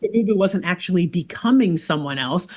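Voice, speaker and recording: A woman hosting a casual podcast, walking her co-host through a cartoon episode scene by scene. She tells it in an animated way, tossing in playful asides as she goes. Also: fairly low pitch, a little fast. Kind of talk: casual chat.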